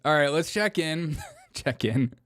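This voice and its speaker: A man's voice: fairly high pitch, lively intonation, unhurried, a bit bright, dry recording. A man hosting a comedic political commentary show who laughs often and mocks freely while reading out chat comments. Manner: laughs often, mocking and irreverent; reads chat comments aloud. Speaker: show host.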